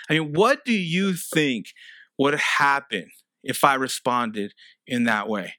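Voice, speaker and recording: A man's voice: mid-range voice, slow, bright, forceful tone, no echo. A man preaching a sermon as a pastor, earnest and conversational, often restarting phrases.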